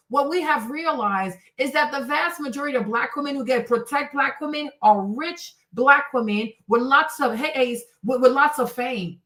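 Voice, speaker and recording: A woman hosting a stream, ranting in an animated, exasperated way, swearing freely and sometimes breaking into shouts. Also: sits high, distant mic. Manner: bursts into shouts. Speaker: host. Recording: echoey room, off the mic.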